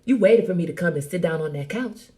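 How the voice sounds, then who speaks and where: A middle-aged woman hosting a casual live chat, teasing and animated, talking straight to her viewers by name. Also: on the low side, fast. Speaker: host.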